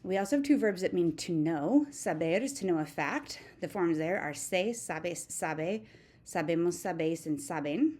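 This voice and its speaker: A woman, a teacher giving a steady, methodical recorded grammar lesson and reciting verb forms one by one. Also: fairly low pitch, moderate pace. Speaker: Spanish teacher.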